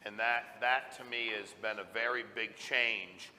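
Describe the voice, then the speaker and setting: A middle-aged man, a company president, giving a blunt, forceful motivational talk to a live audience. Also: on the low side, steady tone, measured pace, slight background noise. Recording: reverberant hall sound.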